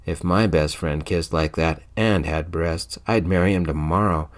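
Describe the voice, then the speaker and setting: A gruff young coworker with a crude, teasing streak, as a man puts him on. He drags his ribbing out slowly in a very deep, hushed voice. It is a soft-spoken whispered role-play. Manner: teasing, snickering, drawn out.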